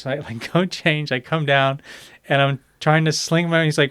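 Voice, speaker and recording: A man co-hosting a podcast, telling a story in a relaxed, chatty way with quoted dialogue. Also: on the high side, moderate pace, clear, resonant tone, no echo, studio quality. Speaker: podcast co-host. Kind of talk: casual storytelling chat.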